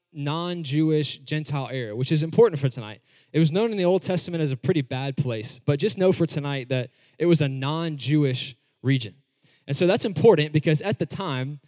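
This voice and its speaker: A man's voice: a little high, a little mellow. Man preaching in a reverberant hall. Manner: conversational preaching with varied emphasis and slow stresses. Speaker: pastor. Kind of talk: sermon.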